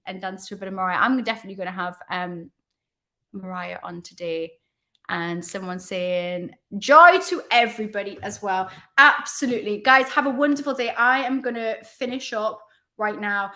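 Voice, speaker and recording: A woman hosting a casual live stream. She chats to viewers in a rambling way and makes fun of herself as she goes. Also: fairly high pitch. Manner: chatty, warm-hearted, rambling with self-mocking asides. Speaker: livestream host.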